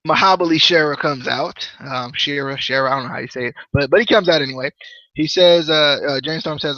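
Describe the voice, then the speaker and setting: A male podcast host reviewing a wrestling show in a loose, joking, rambling chat. His voice is bright and forceful, fairly high. The mic sounds dull and dry. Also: brisk, dry recording. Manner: animated, jokey, rambling.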